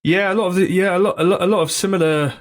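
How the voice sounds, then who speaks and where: A man's voice: high voice, steady tone, very fast. A man, a comedian guest on a podcast, chatting easily and laughing often. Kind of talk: casual podcast chat.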